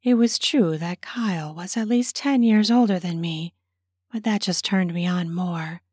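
A woman narrating her own erotic story in a slow, intimate way, slipping into whispers. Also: lowish voice, a little mellow, husky, no room sound, studio quality.

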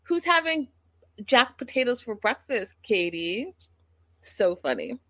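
A woman's voice: a little high, very animated, measured pace, a bit bright, no echo. Chatty, gossipy woman livestreamer. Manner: chatty, gossipy, addresses the audience directly. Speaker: livestream host. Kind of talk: casual recap chat.

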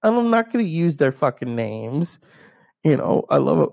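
A man with a gravelly, fry-laden voice rants about family grudges in a solo podcast monologue. His tone is mellow and dark, and he swears constantly. He acts out other people's lines as he tells the story. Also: a little high, sing-song, normal speed. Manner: profane, heated ranting. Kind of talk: ranting personal storytelling monologue.

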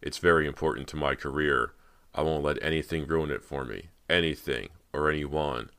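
A man reading a smooth, menacing male film director in an audiobook, persuasive and eagerly excited by turns. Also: a bass voice, normal speed.

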